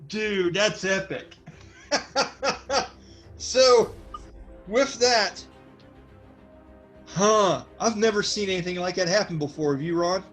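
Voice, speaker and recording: A man's voice: sits high, slow pace, pauses often, fairly bright tone, soft background music, low-quality recording. A man running a tabletop role-playing game as game master, narrating scenes in a loose, joking way. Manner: loose and joking, with frequent fillers.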